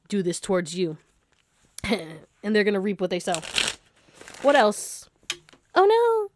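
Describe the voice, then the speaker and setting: A woman's voice: mid-range voice, a little hiss or hum. A woman giving a casual tarot card reading, chatty and laughing often as she talks straight to her viewers. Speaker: tarot reader.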